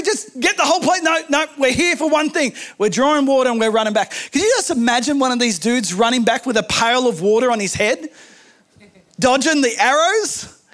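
A man preaching a sermon, telling stories in an animated way with humorous asides. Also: very high-pitched. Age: adult, married.

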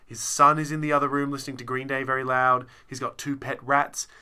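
This podcast co-host has a medium-pitched, smooth, sharp voice, speaking fairly quickly with a level tone. He chats casually about a show he saw, rambling, interrupting himself, and leaning on fillers.

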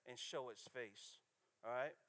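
A man's voice: medium pitch, unhurried, a bit bright. A man preaching a casual, story-driven sermon in church, constantly checking in with the congregation. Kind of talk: conversational sermon with stories.

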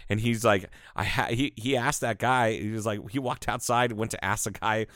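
A man in casual chat, telling bar stories with lots of swearing and animated quotes. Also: fairly low pitch, moderate pace, dry recording, clean studio sound. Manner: swearing storyteller, animated quoting.

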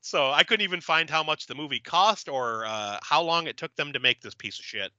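A man's voice: a little high, a little fast, pushed and bright, no room sound, dull audio. A man hosting a casual podcast, recapping a movie with profanity and acting out the characters' lines. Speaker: podcast host.

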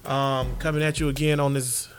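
A man's voice: mid-range voice, flat delivery, moderate pace, music in the background. A man co-hosting a casual sports podcast, talking in a hype, playful, joking way. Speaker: podcast co-host.

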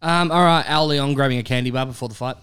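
Smooth-voiced man on a movie podcast. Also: medium pitch, fast talker, a bit bright, dry recording. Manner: easygoing, teasing. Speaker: podcast co-host. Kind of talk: casual chat.

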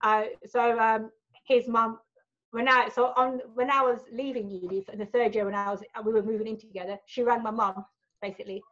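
A woman speaks candidly as a guest on a podcast, frank and sweary, often asking "right?" as she goes. Her voice sits fairly high. The audio is a little dull. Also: flat delivery, a little fast, fairly bright tone. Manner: frank, sweary, laughs often, fillers like right and you know. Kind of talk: candid storytelling in a podcast chat.

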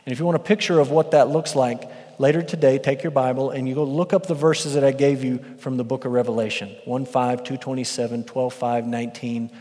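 A man preaching an expository sermon as pastor, animated and building to shouts for emphasis. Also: medium pitch, a little fast, hardly any pauses. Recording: long reverb of a large hall.

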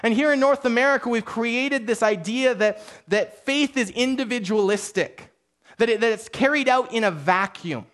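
A man's voice: very high-pitched, moderate pace, fairly bright tone. A man preaching as a pastor in a church, talking in a conversational, self-deprecating way with frequent restarts. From Canada. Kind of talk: sermon.

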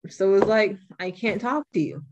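A young woman hosting a podcast, talking bluntly and with plenty of swearing in a casual, animated way. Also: medium pitch, normal speed, muffled recording, background noise. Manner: blunt and profane, animated retelling. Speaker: podcast host.

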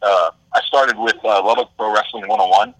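A man's voice: fairly low pitch, fairly quick, a bit bright, no room sound, rough recording. A man, a wrestler being interviewed, talking casually with many fillers. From Texas. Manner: laid-back, many "you know" and "uh" fillers. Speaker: guest wrestler.

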